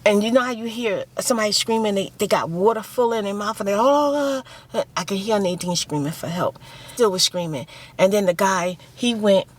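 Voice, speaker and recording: Woman vlogger, mid-pitched, emotional storytelling with lots of repetition. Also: brisk. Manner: emotional, repeats phrases, acts out screams and quotes. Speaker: ASMR vlogger. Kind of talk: casual storytelling.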